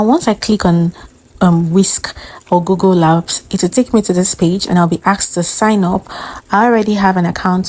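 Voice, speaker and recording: A woman's voice: fairly low pitch, a little mellow. A woman hosting a tutorial, explaining step by step with occasional fillers. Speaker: host. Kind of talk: tutorial narration.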